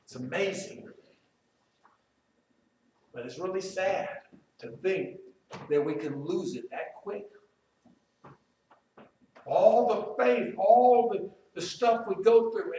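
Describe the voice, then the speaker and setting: A high-voiced man preaches a slow, deliberate sermon, swinging from loud emphatic quoting to hushed reflection. He is heard from a distance in a very echoey church room. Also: slight background noise. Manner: emphatic, rises loud when quoting Job, drops quiet and slow to reflect. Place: church sanctuary.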